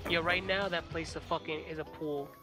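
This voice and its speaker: Man, slightly high voice, blunt teasing banter, casual stream chat, guitar music clearly behind. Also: fairly even intonation, fairly quick. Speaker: co-host.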